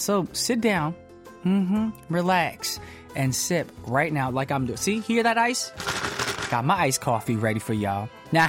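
Animated, playful male radio DJ. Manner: animated, playful asides, swoops high on exclamations. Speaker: radio DJ host. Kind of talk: upbeat radio show patter.

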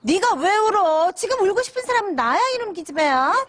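An actress playing an exasperated middle-aged mother who scolds her crying daughter in a TV drama, shrill and rapid. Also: sing-song. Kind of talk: television drama acting.

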